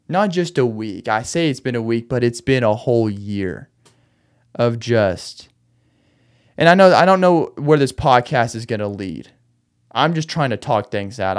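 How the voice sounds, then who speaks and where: A man hosting a solo late-night podcast, venting in a rambling, restless way and laughing through his anger. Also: medium pitch. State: agitated, wound up. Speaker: podcast host. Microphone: podcast microphone.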